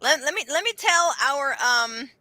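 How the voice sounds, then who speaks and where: Woman, telethon host, high voice, slow unhurried pace, reads viewer comments aloud. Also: lively intonation, bright, forceful tone. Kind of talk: casual live-stream hosting.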